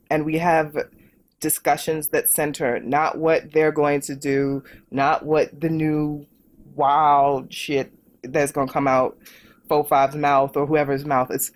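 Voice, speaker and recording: A middle-aged woman, a podcast guest, talking emphatically and animatedly in a political conversation, hammering points home with repetition. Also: low voice.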